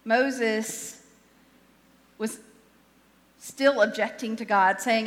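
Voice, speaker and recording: A woman's voice: fairly high pitch, unhurried, fairly bright tone, long reverb tail. A woman pastor giving a sermon in a conversational, self-deprecating way, often restarting her sentences.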